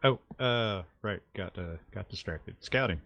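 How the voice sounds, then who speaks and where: A man running a tabletop game as game master, explaining rules and narrating in a halting way with many fillers. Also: low-pitched, creaky, no echo, lo-fi sound.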